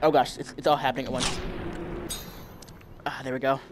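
A young man giving casual let's-play commentary while playing a VR game, reacting with loud exclamations. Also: mid-range voice, level tone, a little fast. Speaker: gamer playing VR with a friend. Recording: noisy with game gunfire behind.

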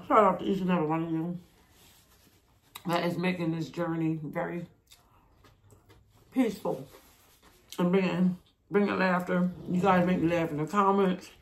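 A woman's voice: fairly low pitch, steady tone, normal speed, long pauses. A woman chatting casually to viewers while she eats, laughing often. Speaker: mukbang vlogger. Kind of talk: casual eating vlog chat.

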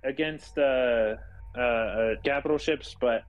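Halting young man coaching his game team. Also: mid-range voice, smooth, poor audio. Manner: halting, full of fillers and restarts. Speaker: squadron leader and streamer. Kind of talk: casual team voice chat during a game.

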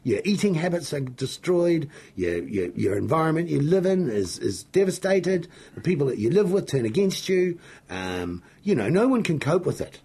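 A middle-aged man with a New Zealand accent and a gravelly, husky voice, telling stories as an interview guest in an excitable, jokey, rambling way. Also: a little high, normal speed. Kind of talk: animated storytelling in an interview.

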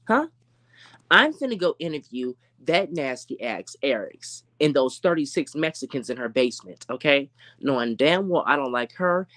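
A host of a commentary channel rants in a confrontational, profane way, firing off slangy rhetorical questions and drawn-out taunts. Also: medium pitch, fairly bright tone, no room sound, clean studio sound. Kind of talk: live commentary rant.

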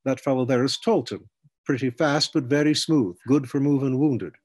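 A man's voice: medium pitch, moderate pace, darkish tone, husky, natural voice. A man voicing a big, jovial male centaur cavalry trainee with an Irish accent, chatty and explanatory, in an audiobook.

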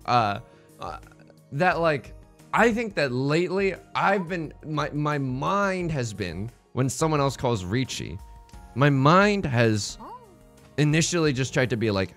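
A young man with a fairly bright, higher voice and big pitch swings speaks at a moderate pace as a let's play host. He gives rambling, jokey commentary while playing a tile game, full of restarts and self-mockery, with faint music in the background.

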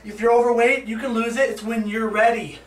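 A man talking casually to the camera in a vlog, animated and playful as he hypes himself up for his viewers. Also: very high-pitched, brisk, slight background noise. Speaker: vlogger. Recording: echoey room, camera at a distance.

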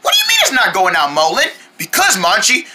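A woman's voice: mid-range voice, huge pitch swings, brisk, background noise. A woman performing playful skits and mock ads, switching between silly character voices.

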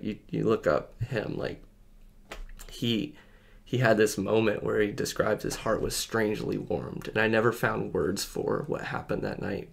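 A man speaking as a podcast guest, telling a personal faith testimony in casual conversation. He is earnest and halting, full of filler words, and at times close to tears. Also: fairly low pitch, vocal fry.

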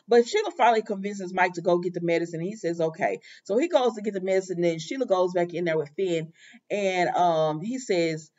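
A woman's voice: fairly low pitch, expressive, fairly quick, darkish tone. A woman casually recapping a soap opera episode, retelling scenes with quoted lines, many fillers and exasperated asides. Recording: dull lo-fi audio.

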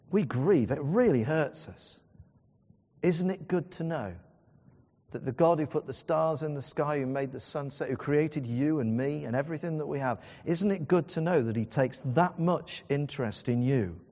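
A man preaches a sermon, telling the story in a conversational, emphatic way. His voice sits at an ordinary middle pitch. The room gives it a long church reverb. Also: moderate pace, mellow.

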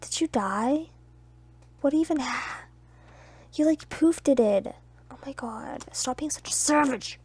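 Slow and often pausing, a young woman speaks in a high voice with a breathy edge. She's casually chatting with friends over a video game, teasing and trash-talking playfully and laughing loudly at times.

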